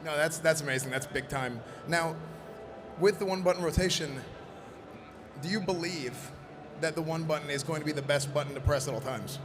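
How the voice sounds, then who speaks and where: A man presenting in costume at a live event, joking and rambling loudly. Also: fairly high pitch, a little fast, music in the background. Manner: playful, rambling, loud. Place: convention event floor. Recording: noisy convention floor.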